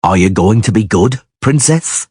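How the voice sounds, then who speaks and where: Man playing a gruff, stern monster hunter. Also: fairly low pitch, expressive, measured pace, warm tone, no echo, voice pushed up. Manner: stern, dry, curt.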